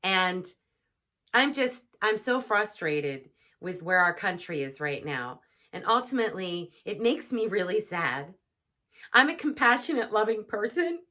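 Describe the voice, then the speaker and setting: A woman from the United States giving a heated, earnest personal testimony to camera, with halting restarts. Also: medium pitch, sing-song, pushed and bright. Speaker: vlogger telling her personal story.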